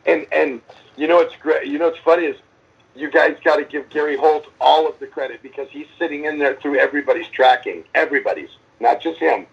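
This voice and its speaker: Middle-aged rock frontman, gravelly and rough, rambling and profane, muffled lo-fi call audio. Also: on the high side, a little fast. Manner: rambling, profane, lots of restarts and acted-out quotes. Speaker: metal band frontman. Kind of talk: casual interview answers.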